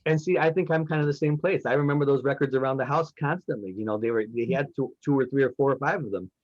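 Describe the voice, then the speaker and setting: A man's voice: mid-range voice, quick pace. A man interviewing a songwriter, chatty and enthusiastic, with many fillers. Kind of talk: casual interview talk. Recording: dry, dull lo-fi sound.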